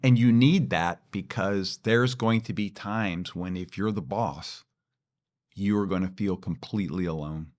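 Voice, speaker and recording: A man co-hosting a podcast, telling a personal story in a lively, animated way. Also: low voice, measured pace. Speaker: podcast co-host. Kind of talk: storytelling in casual chat.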